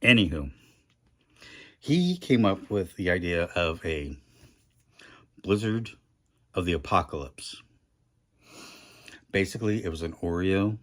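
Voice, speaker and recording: A man's voice: sits low, fairly bright tone. A middle-aged man rambling through a casual food review vlog, chatty and self-deprecating, talking with his mouth full.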